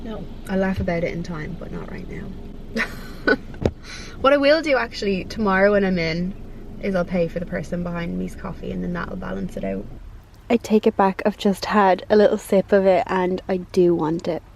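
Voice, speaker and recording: A woman's voice: on the low side, normal speed, gravelly, background noise. A woman vlogger talking in a casual, chatty way, poking fun at herself and swearing freely. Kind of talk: casual vlog chat.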